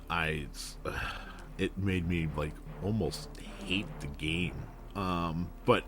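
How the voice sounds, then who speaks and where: A man co-hosting a casual retro gaming podcast, emphatic and quick to laugh, repeating his points. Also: rumbling low. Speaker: podcast co-host.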